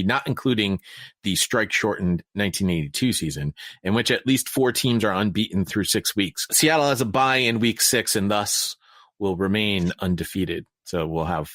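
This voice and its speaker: A man's voice: a bit bright, no room sound. An American man hosting a casual sports podcast, joking around and reading stats off a sheet. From United States. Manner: jokey, reads stats off a sheet, often trails off lower. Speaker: podcast host.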